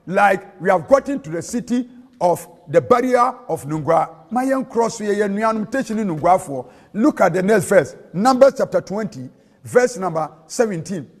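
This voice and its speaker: A Ghanaian man preaching with a high, ringing voice. He falls into a sing-song cadence and mixes local-language phrases into his sermon. The long reverb of a big church hall hangs on every line. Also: expressive, normal speed. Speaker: prophet and preacher.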